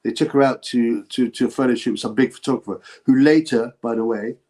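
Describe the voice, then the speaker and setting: A man's voice: medium pitch, fairly quick, a little mellow. A man hosting a casual livestream about boxing, rambling between topics with many fillers and chuckles. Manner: rambling, chatty, with frequent fillers and laughs. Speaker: boxing channel host.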